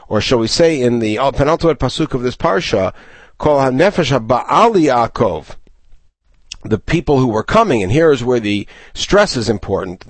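A man's voice: mid-range voice, dry recording. A man giving a Torah study lecture, counting and explaining verses and reading Hebrew phrases aloud. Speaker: Torah teacher.

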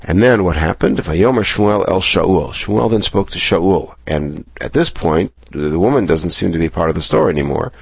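A man with a very low, gravelly voice teaches a text-study lesson. He reads each verse, translates it, and explains it. Bits of husky breath sit in his tone, and the recording sounds close and dry. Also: animated, moderate pace, hardly any pauses, dry recording. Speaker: Bible teacher.

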